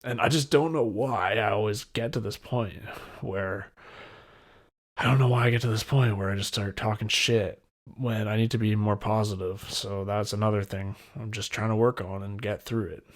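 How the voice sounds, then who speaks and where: This solo podcast host is a man in his twenties whose voice sits lowish, with fairly even intonation at a normal speed. His casual chat is rambling, candid and self-deprecating, and his speech carries audible wet mouth sounds.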